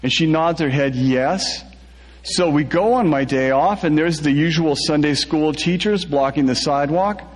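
A man's voice: fairly high pitch, long reverb tail. A man reading a first-person story aloud, laughing through the telling.

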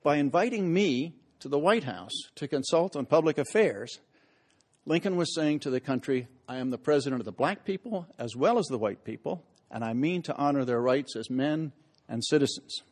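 A man's voice: a little high, expressive, normal speed, darkish tone. A middle-aged man giving a public history lecture, telling stories with wry asides and dramatic emphasis.

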